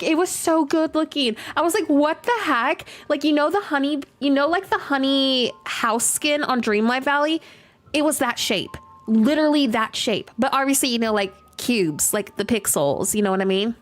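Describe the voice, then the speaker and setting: A young adult woman streaming a game, chatting casually with viewers, full of fillers, laughing often and reading chat aloud. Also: on the high side. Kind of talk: casual livestream chat while gaming. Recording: faint music behind.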